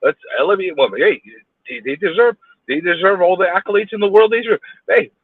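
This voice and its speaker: A man's voice: sits high, fast talker, slightly rough, no echo. A man ranting alone in his car while stuck in traffic, exasperated and repeating himself as he swears. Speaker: vlogger ranting while driving. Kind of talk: angry live-streamed rant. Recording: tinny phone-like audio.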